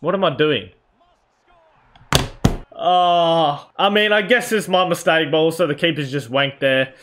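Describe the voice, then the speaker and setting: A young man commentating live over his own football video game, excitable, swearing and shouting at his team. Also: a little high, a little slow, a little hiss or hum. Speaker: gaming YouTuber.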